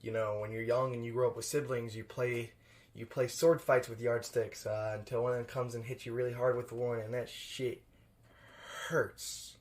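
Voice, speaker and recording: A young man hosting a podcast, reviewing a film alone in a loose, profane, chuckling way and jumping louder for emphasis. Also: medium pitch, flat delivery, brisk. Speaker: podcast host. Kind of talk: casual solo film review.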